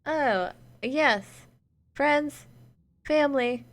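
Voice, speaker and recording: Woman, esports caster, live stream chat, unhurried, slightly high voice. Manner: chatty, reads out chat and thanks viewers. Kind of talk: solo live-stream casting between games.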